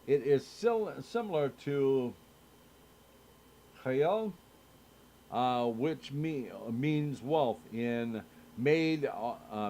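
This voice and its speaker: Slow, halting man reading scripture. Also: mid-range voice, darkish tone, slight background noise. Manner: slow, halting reading with many filler sounds. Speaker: Torah study teacher. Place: synagogue.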